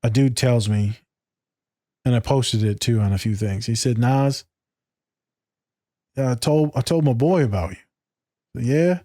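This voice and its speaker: A man's voice: mid-range voice, slow pace, pauses often, warm tone, no room sound, clean studio sound. Candid, swearing man. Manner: loose and candid, swears freely, acts out quoted dialogue. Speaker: podcast co-host. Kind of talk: casual podcast chat.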